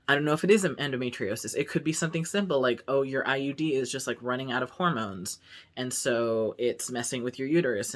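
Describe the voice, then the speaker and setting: Young trans man, vlogger, rambling and candid, mid-pitched voice. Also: a bit bright. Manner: talks openly and freely about his body. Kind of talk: casual vlog monologue.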